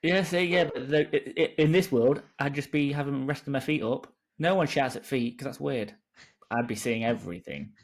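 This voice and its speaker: A man's voice: mid-range voice, moderate pace. A man co-hosting a podcast in casual chat, jokey and sweary as he tells stories. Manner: animated, jokey, sweary storytelling. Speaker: podcast co-host.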